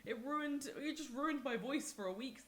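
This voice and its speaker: A young woman from England co-hosting a podcast, telling stories in a casual, animated way. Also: normal speed, crowd noise. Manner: animated storytelling, acts out quoted people with big pitch jumps. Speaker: podcast co-host. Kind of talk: casual chat.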